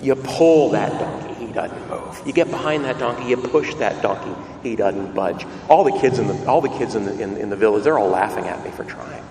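A man, a priest, giving a sermon, with big swings in pitch and loudness and slow, stressed phrases. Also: expressive, a little hiss or hum. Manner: dramatic swings in pitch and volume, slows for emphasis. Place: large church. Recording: echoey church from far off.

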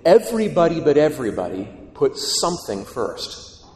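Animated preacher in an echoey hall. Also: male voice, mid-range voice, fairly quick, a little hiss or hum. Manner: animated, storytelling with acted quotes. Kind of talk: sermon. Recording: echoey hall, long reverb.

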